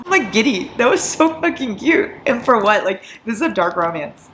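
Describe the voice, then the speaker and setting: A woman's voice: medium pitch, moderate pace, few pauses, a little hiss or hum. Giddy, sleep-deprived woman gushing. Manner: giddy, excitable, laughs often and swears. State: tired from staying up all night. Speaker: book vlogger. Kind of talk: casual reading vlog.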